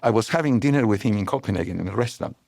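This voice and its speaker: A man's voice: lowish voice, very fast, vocal fry, no room sound, clean studio sound. An older man, a scientist guest, explaining ideas in a digressive way and telling anecdotes. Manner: digressive, anecdotal, many restarts, animated storytelling. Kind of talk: relaxed explanatory interview talk.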